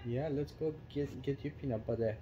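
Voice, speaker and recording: A man coaxing his pet cockatoo in sing-song baby talk, asking the same gentle questions over and over. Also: medium pitch, normal speed, muffled recording, a little hiss or hum. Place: home with a pet bird.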